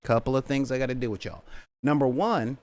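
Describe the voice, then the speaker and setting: A man's voice: mid-range voice, a little fast, a little mellow. A sleep-deprived man hosting and running a tabletop role-playing stream, joking and rambling and often tripping over his words. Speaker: host and game master. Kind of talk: casual streamed tabletop game intro.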